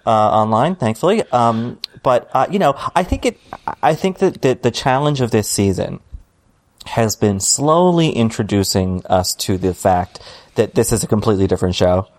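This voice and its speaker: A man's voice: lowish voice, animated, normal speed, a little mellow. A man co-hosting a TV recap podcast, thoughtful and a little hesitant, with a dry sense of humor. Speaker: podcast co-host. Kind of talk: casual TV recap podcast chat.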